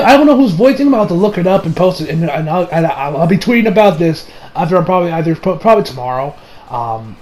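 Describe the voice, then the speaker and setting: A young man casually reviewing an anime episode, excitable and swearing, acting out scenes with sudden shouts. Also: fairly high pitch, a little hiss or hum.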